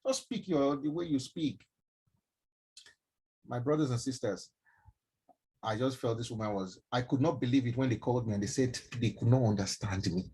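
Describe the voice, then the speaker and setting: A middle-aged Nigerian man with a Nigerian accent, a doctor telling a personal story to an online audience in an emphatic, animated way. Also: medium pitch, normal speed, pauses often, husky, rough recording. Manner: emphatic, animated, addresses listeners directly. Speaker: doctor and mentorship speaker. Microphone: online stream from home.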